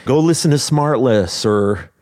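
A man's voice: mid-range voice, lively intonation, measured pace, a little mellow. A man talking earnestly and reflectively as a podcast guest, laughing now and then. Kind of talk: casual conversation.

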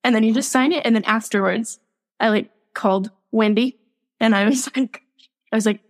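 A woman's voice: on the high side, moderate pace. A young woman speaking candidly as a podcast guest, laughing often and filling her talk with "like". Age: young adult. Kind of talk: casual podcast interview.

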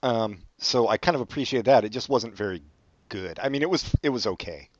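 A man's voice: medium pitch, animated, fairly quick, dry recording, highs cut off. A man hosting a podcast in casual chat, with dry, sarcastic humor. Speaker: podcast host.

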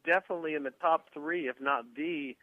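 A man's voice: a little high, brisk, dry recording, narrow, tinny audio. A man in a casual chat, bantering with enthusiastic ribbing.

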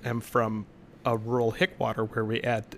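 A man with a bright, forceful voice co-hosts a podcast. He trades sarcastic jokes in easygoing banter. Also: mid-range voice, monotone, moderate pace, slight background noise. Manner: sarcastic, joking. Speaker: podcast co-host. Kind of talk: casual banter.

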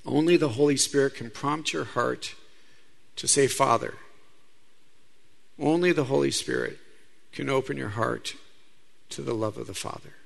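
A man's voice: medium pitch, moderate pace, vocal fry. A man, a Catholic priest, preaching a sermon in a conversational style, telling stories and speaking asides to the audience.

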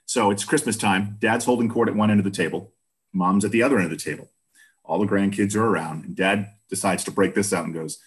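A lower-pitched man in his fifties from Boston tells long, animated stories as an interview guest. He slips into other people's voices as he goes. He has the easy pacing of a seasoned broadcaster. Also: fast. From Boston, USA. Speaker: guest, former news broadcaster. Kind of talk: casual interview storytelling.

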